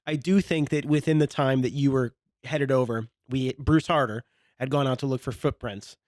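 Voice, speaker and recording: A man's voice: medium pitch, moderate pace, no echo, clean studio sound. A man co-hosting a podcast, telling a story with energy and acting out what people said. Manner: animated, acts out quotes in different voices. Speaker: podcast co-host. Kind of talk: casual storytelling chat.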